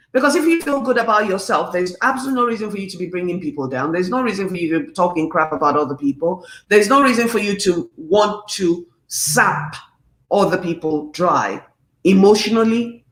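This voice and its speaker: Woman, fifties, live-stream host; emphatic and animated, mid-pitched, roomy sound. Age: 50s. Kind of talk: live-stream talk reading comments.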